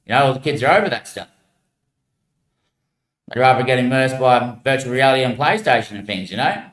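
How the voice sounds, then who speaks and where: A man's voice: medium pitch, fairly quick, a bit bright. A man rambling in a meandering, musing monologue full of slang. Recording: echoey room.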